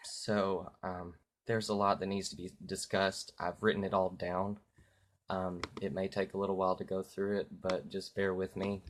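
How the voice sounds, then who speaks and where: Man with a low voice ranting on a live stream. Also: little pitch movement. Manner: hesitant and halting at first, then loud and heated with swearing. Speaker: political vlogger. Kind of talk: live-streamed political rant.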